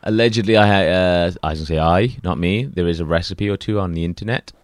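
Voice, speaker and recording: A man's voice: low-pitched, fast, no room sound, clean studio sound. A man co-hosting a casual podcast, chatting and swearing, acting out little quotes. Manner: conversational, swearing, acts out quotes. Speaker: podcast co-host. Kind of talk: casual profane chat.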